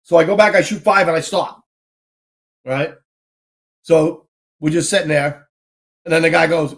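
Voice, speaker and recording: A man in casual chat, telling a story with lively energy and acting out other people's lines. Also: on the high side, a little slow, long pauses. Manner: animated, acts out voices and shouts in anecdotes. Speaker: podcast host.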